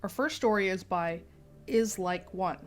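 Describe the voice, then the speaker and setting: A woman hosting a channel, giving a scripted narration of online stories in an even, friendly storytelling voice. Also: mid-range voice, measured pace.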